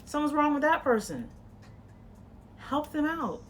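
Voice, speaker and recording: Her voice is high and sing-song, a little slow, over slight background noise. This tarot reader is casual, blunt and profane, coaching as she rambles, restarting often and saying "you know" a lot.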